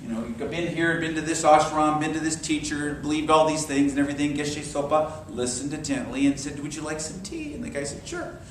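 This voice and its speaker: A man leading a sermon-style class in a church, telling stories with lively quoted voices. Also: on the high side, brisk, few pauses, slight background noise. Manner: animated storyteller, acts out quoted voices. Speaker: minister. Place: church hall. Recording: echoey hall from far off.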